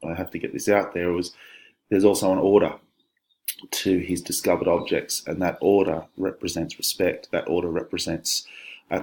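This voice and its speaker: A man, a teacher talking students through an exam paper in a conversational, explanatory way, with frequent fillers and restarts. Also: sits low. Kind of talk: exam walkthrough lesson.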